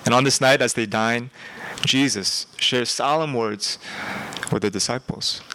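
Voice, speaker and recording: A young man giving a sermon in a conversational, animated way, with emphatic repetition. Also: medium pitch, unhurried, low-quality recording. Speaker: preacher.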